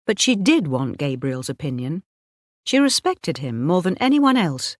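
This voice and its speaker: A woman narrates a simplified classic novel for English learners at a very slow, careful pace. Her pitch moves in a lively, animated way, and the close studio recording is dry with no room sound. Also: dry recording. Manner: slow, clear and expressive. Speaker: audiobook narrator.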